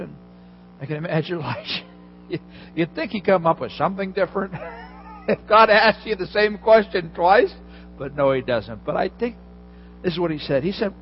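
A man's voice: high-pitched, expressive, moderate pace, lo-fi sound, noisy background. A male pastor preaching a sermon, retelling a story vividly and speaking straight to his listeners.

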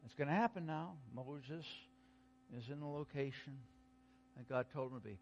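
A man preaching a sermon, slow and emphatic, dropping to a hush and then rising to exclaim. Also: fairly high pitch, highs cut off, slight background noise. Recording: long hall reverb.

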